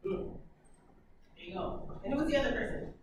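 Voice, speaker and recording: A woman leading a group discussion about a story. She is expressive, laughs often and quotes characters with sass. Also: on the high side, a little fast. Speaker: workshop facilitator. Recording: echoey room from far off, loud background noise.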